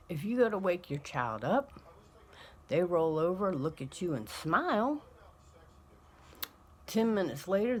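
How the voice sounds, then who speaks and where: A woman giving a comic mock lesson on parenting, lecturing in an emphatic tone. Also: on the low side. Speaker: vlogger giving parenting advice.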